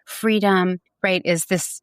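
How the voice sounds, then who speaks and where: Lively storytelling woman dietitian. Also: lowish voice, takes it slowly, no echo, clean studio sound. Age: middle-aged. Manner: animated storyteller, laughs often. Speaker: registered dietitian guest. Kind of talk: podcast interview conversation.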